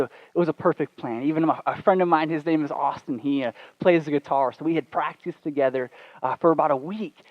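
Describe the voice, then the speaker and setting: Animated man preaching with humor. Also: on the high side, no room sound. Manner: animated, self-deprecating humor. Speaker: pastor. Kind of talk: sermon storytelling. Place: church. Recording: dull, dry sound.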